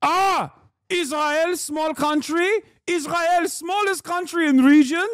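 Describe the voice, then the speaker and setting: Man doing a high, shouty broken-English heckler; pushy and accusatory, dry close mic. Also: slow, no room sound, exaggerated voice.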